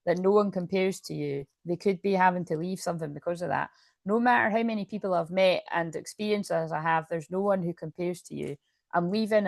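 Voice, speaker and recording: A woman's voice: lowish voice, creaky, darkish tone, no room sound, studio quality. A woman doing a casual tarot card reading to camera, chatty and rambling, often interrupting herself with asides.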